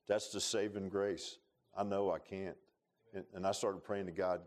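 A man preaching an earnest, emotional sermon in a church, with rising bursts and soft confessional drops. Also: lowish voice, fairly quick. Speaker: pastor. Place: church sanctuary.

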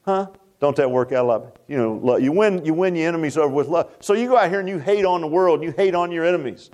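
A pastor preaches in a loose, folksy way, circling back with restarts and asides. His voice sits high for a man. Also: quick pace, darkish tone, highs cut off. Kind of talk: sermon.

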